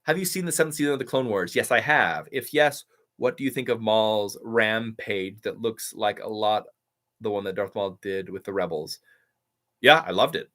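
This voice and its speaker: A man's voice: on the low side, moderate pace, a bit bright. A man running a live stream Q&A, answering chat in an enthusiastic, rambling way full of fillers. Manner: enthusiastic, rambling fan talk with many fillers.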